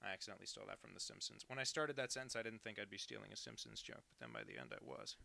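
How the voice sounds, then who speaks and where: Gravelly young man chatting on a livestream. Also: low voice, huge pitch swings, very fast, pushed and bright. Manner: jokey, reads chat messages aloud. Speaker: cartoonist streaming live. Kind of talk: casual livestream chat while drawing. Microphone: home setup, no professional mic.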